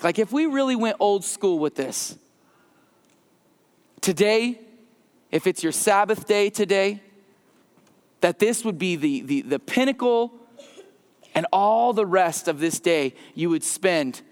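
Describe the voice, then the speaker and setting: A man preaching a conversational sermon as a pastor in a church, slowing and dropping his voice for emphasis. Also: sits high, animated, smooth, long reverb tail. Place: church sanctuary.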